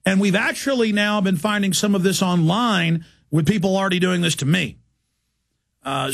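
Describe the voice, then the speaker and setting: Middle-aged male radio host, raspy high voice, intense monologue. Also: normal speed, a bit bright. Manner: urgent, emphatic, with frequent restarts. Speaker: radio talk show host.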